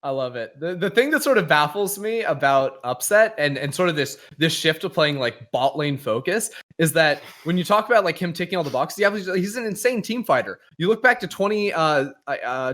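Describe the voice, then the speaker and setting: A man who casts esports speaks as a guest on a podcast. He breaks down team play in an analytical, conversational way. His voice sits a little high. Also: fairly bright tone. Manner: analytical, thoughtful. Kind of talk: casual esports chat.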